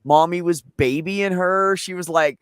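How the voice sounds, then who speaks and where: A man's voice: high voice, a little slow, clean tone, no room sound, clean studio sound. A man hosting a casual chat show, telling long rambling family stories with plenty of swearing. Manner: profane, rambling anecdotes. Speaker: show host.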